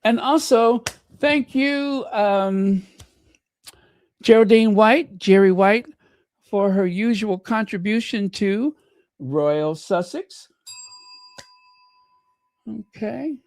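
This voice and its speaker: A man's voice: high voice, extremely slow, pauses often, darkish tone, no echo. A man hosting his own channel in casual live commentary, chatty and thinking aloud as he reads viewer comments. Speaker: channel host.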